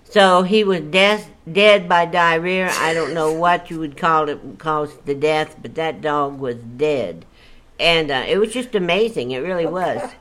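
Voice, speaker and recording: An older woman spinning a story from her own life in a relaxed, chatty way. She talks in a folksy manner, breaking into exclamations as the story builds. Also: low-pitched, unhurried. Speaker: storyteller guest. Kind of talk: casual storytelling.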